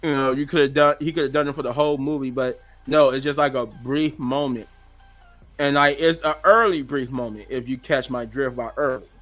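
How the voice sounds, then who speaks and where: A man's voice: medium pitch, fairly even intonation, fairly quick, a bit bright, soft background music. A man casually reviewing a movie on his channel, rambling with lots of restarts and offhand slang.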